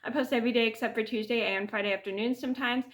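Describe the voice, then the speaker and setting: A woman's voice: a little high, fairly even intonation, very fast. A woman vlogger telling a personal story casually to her camera, rambling with restarts and fillers. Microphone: camera mic.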